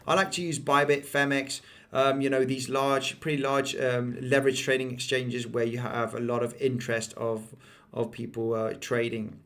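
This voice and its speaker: A man's voice: medium pitch, flat delivery, fairly bright tone. Hype-talking man. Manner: fast, restarting, hype-driven talk with viewer asides. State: out of breath. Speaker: crypto trading livestream host. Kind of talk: live chart analysis with chat.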